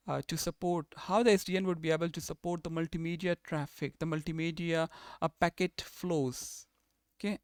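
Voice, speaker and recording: Man lecturing with a crisp, dry voice. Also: on the high side, no echo. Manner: explanatory, restates terms and rephrases often. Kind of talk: recorded university lecture.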